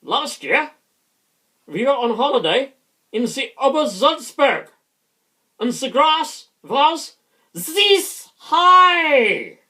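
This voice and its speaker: A man's voice: very high-pitched, big pitch swings, extremely slow, long pauses, pushed and bright, voice pushed up, heavily acted. A man barking as a strutting German stage comic. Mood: mock pompous. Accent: mock German. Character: strutting military-style male German comedian.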